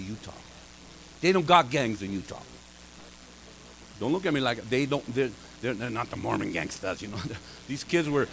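A middle-aged pastor with a gravelly, fry-edged voice preaches in a church, drifting into funny, rambling stories. His delivery is loose and conversational, and faint noise sits behind him. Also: medium pitch, a bit bright, low-quality recording. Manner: humorous, rambling anecdotes with laughs. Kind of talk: storytelling sermon. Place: church sanctuary.

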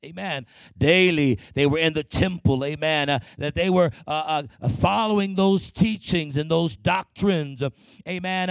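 A man's voice: on the high side, a little slow, vocal fry, clean tone, dry recording. A man preaching a sermon with passion, often acting out prayers and quoted voices. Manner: impassioned, acts out prayers and quotes in shifting voices.

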